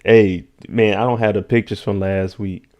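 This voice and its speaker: Recorded with a muffled quality, a man speaks at a moderate pace with fairly even intonation and a darkish tone. He's recapping a TV episode live in relaxed slang, addressing chatters by name and voicing characters in a high register.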